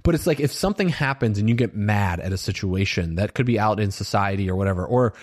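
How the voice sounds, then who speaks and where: A man's voice: lowish voice, expressive, fast. A middle-aged man hosting a solo podcast, talking earnestly and loosely, with lots of fillers like "you know" and "like.". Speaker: podcast host. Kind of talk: solo self-reflection podcast monologue.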